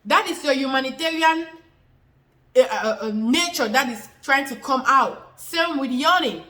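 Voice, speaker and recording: A woman's voice: high-pitched, expressive, unhurried, sharp tone, low-quality recording. A woman explaining a health topic to her viewers in a loose, informal way, restating each point several times with fillers. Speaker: health educator answering questions. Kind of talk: informal explanatory talk to camera.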